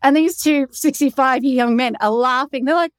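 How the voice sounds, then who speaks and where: A young Australian woman hosting a podcast and coaching, telling a story in a lively, expressive way and swearing freely. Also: sits high, moderate pace, smooth, dry recording, clean studio sound. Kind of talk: casual storytelling monologue.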